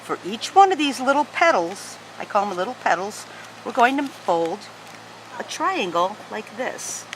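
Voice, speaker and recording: A woman's voice: medium pitch, big pitch swings, measured pace, a bit bright, slight background noise, poor audio. A woman teaching a paper-folding tutorial at home, guiding each fold patiently and step by step. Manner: patient step-by-step instruction, chats to her dogs. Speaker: origami teacher. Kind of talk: hands-on craft tutorial.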